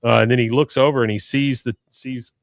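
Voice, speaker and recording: A man's voice: medium pitch, fairly even intonation, fairly quick, dry recording. A man hosting a podcast, recapping an episode in a casual, rambling way with lots of hesitation. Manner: rambling, hesitant, fond of fillers. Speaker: podcast host. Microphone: podcast mic.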